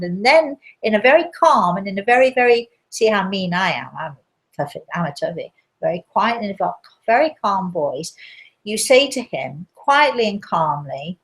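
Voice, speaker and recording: A woman hosting a live talk show, telling a story in a chatty, animated way. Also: medium pitch, moderate pace. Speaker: host.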